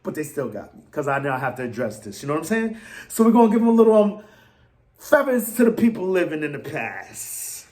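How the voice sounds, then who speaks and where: An excitable man, probably in his thirties, rants to his fans in a casual vlog, going from low mutters to loud outbursts. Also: fairly quick. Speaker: fan channel host. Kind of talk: animated fan rant to camera.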